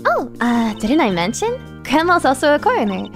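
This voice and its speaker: A woman's voice: high voice, huge pitch swings, normal speed, voice pushed up, exaggerated voice. A woman voicing a chirpy young female nurse with a bouncy, singsong delivery. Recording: with game music behind.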